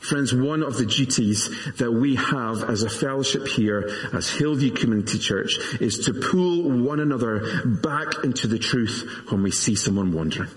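Earnest man preaching in a reverberant hall. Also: medium pitch. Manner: earnest, measured, with self-deprecating asides. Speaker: pastor. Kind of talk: sermon. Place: church.

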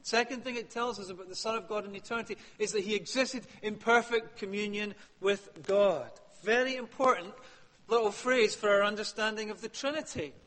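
High bright-voiced preacher in a reverberant hall. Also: male voice, fairly quick. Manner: emphatic, building to loud peaks then dropping to hushed questions. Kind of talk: sermon.

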